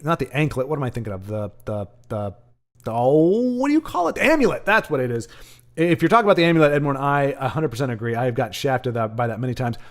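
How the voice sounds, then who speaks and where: A man hosting a live card-game stream, rambling and ranting in casual chat between bits of game commentary. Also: medium pitch. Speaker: stream host and caster.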